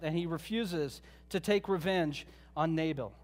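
A pastor preaching a sermon, retelling a Bible story in a conversational way with joking asides. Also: male voice, a little high, expressive, unhurried, long reverb tail.

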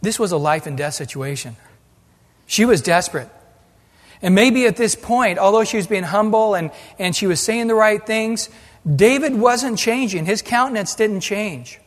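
A man preaching a sermon as pastor, animated and acting out the voices he quotes. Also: high-pitched, normal speed. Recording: long hall reverb.

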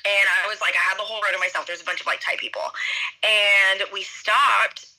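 A woman from the United States, a podcast guest, telling a wild travel story in casual, animated talk full of "like" and laughter. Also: mid-range voice, fairly quick, poor audio. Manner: animated, laughing, says "like" constantly.

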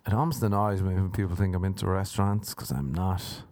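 An Irish man with a gravelly voice telling a comic story in a deadpan, play-dumb manner. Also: deep voice, fairly quick, no room sound. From Ireland. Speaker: comedian.

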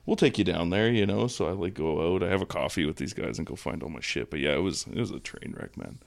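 Low gravelly man. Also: expressive, fast. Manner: rambling, profane storyteller who laughs at himself. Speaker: guest, band member. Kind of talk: casual podcast chat.

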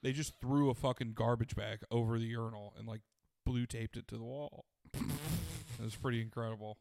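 A man's voice: mid-range voice, normal speed, creaky, darkish tone, no echo. A man in casual chat, telling a rambling, profane story and laughing often as he goes. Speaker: podcast co-host telling a story.

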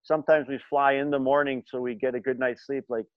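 A man's voice: mid-range voice, little pitch movement, quick pace, no room sound, highs cut off. A middle-aged man, a former hockey player, telling stories in a casual chat, rambling with many fillers and restarts. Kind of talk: casual storytelling.

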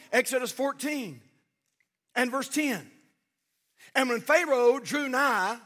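A pastor, a man, preaches from the pulpit in a strikingly high voice. His tone is bright and forceful, and he animates stories with mimicked voices, swinging from loud exhortation to hushed tenderness. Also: big-room sound. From United States. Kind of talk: sermon. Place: church sanctuary.

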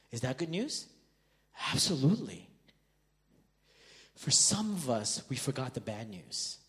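A man preaches a sermon in a voice of ordinary middle pitch, neither high nor deep. He tells his stories with energy and acts out the conversations he describes. His loudness swings from loud bursts to quiet, soft stretches. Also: unhurried, pauses often. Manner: animated storytelling, acting out quoted dialogue with big swings in loudness. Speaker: pastor.

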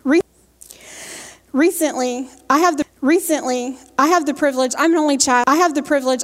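A woman's voice: high-pitched, brisk. A woman giving a homespun devotional talk in a folksy way, repeating her phrases as she goes. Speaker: lay speaker giving a devotional. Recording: long reverb of a large hall.

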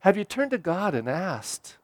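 Male pastor preaching, chatty, asks the folks questions, high voice swings all over, dry sound. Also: sing-song, unhurried, dry recording. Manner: conversational preaching with direct questions to listeners. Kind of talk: sermon.

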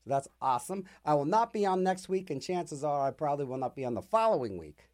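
Lively, rambling jokey male radio DJ. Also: a little high, fast. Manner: rambling, jokey, sarcastic asides. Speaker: radio music show host. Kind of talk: casual DJ chat between songs.

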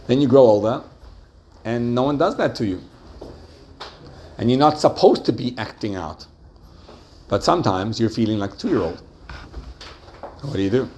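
A man teaching a class, telling a story with lively rises and soft drops and asking his listeners questions. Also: medium pitch, moderate pace, long pauses, slight background noise. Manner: animated storytelling, rising excitedly and dropping softly. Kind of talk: lively lecture with questions to the audience.

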